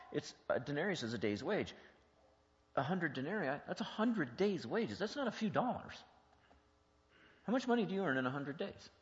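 A male pastor giving a conversational teaching sermon in a church, putting many questions to the congregation in a plain, chatty way. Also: medium pitch. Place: church sanctuary. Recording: long hall reverb, dull lo-fi sound.

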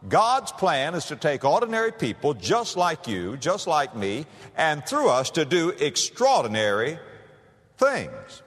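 An older male pastor preaching a sermon in a church, with dramatic, drawn-out emphasis. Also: fairly high pitch, wildly swooping pitch, a bit bright. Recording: long hall reverb.

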